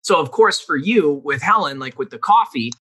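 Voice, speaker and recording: A man co-hosting a casual talk, explaining things in an animated, loose way with many fillers. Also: fairly high pitch, normal speed. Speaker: podcast co-host. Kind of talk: casual conversation.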